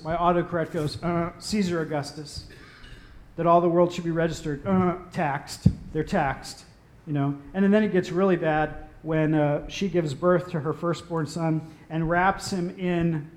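A man's voice: sits high, a little mellow, a little hiss or hum. A man preaching a conversational sermon as pastor, mixing playful jokey asides with earnest repeated phrases. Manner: repeats key phrases for emphasis.

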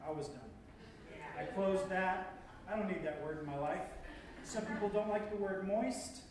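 Man giving a sermon, high voice, chatty and playful, incredulous outbursts. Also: moderate pace, crowd noise. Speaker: pastor.

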